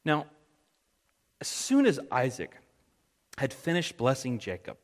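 A man's voice: mid-range voice, huge pitch swings, takes it slowly. Casual preacher man in a reverberant hall. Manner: informal asides, fillers. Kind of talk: casual Bible retelling.

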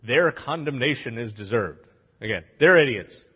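Speaking at a medium pitch with a slightly rough edge, a pastor gives his congregation a blunt, plain-spoken sermon. He's animated, rattling off both sides of an argument in quick voices. The sanctuary sounds big, and the audio is dull.

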